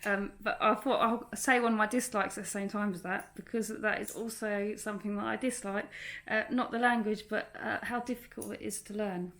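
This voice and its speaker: A woman's voice: mid-range voice, steady tone, brisk, hardly any pauses, fairly bright tone. Chatty woman co-hosting a home vlog. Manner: chatty, laughs often, many fillers and restarts. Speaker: vlog co-host. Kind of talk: casual chat. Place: home in rural France.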